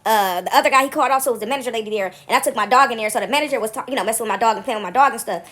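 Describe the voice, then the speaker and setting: A woman vlogger telling a story in a casual monologue, emphatic and animated, often checking in with her listeners. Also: on the high side, racing. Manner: animated, emphatic retelling with frequent "right?" asides.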